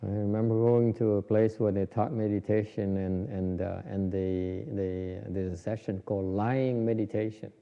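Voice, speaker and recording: A man's voice: on the low side, level tone, moderate pace, creaky, few pauses. A man giving an informal, joking dharma talk on meditation, with many restarts. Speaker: Buddhist meditation teacher. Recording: dull lo-fi recording in a reverberant hall.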